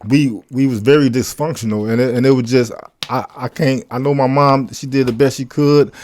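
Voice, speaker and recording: A man who is a podcast guest, telling his own story in a reflective, earnest way, with halting restarts. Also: medium pitch, steady tone, a little mellow. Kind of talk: casual conversational storytelling.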